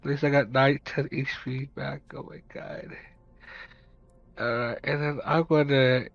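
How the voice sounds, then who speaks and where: A man playing a tabletop game, flat and wry. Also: medium pitch, unhurried, creaky. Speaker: player. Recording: dull dry lo-fi mic.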